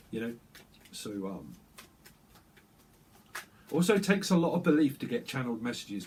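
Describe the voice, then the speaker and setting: A man's voice: medium pitch, a little hiss or hum, rough recording. A man giving a casual, rambling tarot reading, chatty and prone to breaking into snatches of song. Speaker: tarot reader.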